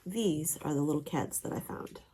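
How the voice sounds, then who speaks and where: Chatty woman vlogger, slightly low voice. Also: moderate pace, dark tone, husky. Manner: chatty, laughing often, rambling with fillers. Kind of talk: casual chat to camera.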